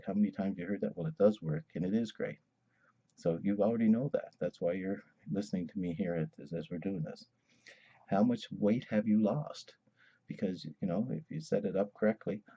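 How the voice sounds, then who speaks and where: A man's voice: deep voice, creaky, dark tone, breathy edge, lo-fi sound. A man giving a casual sales training talk, asking questions as he goes. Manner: conversational, asks many questions.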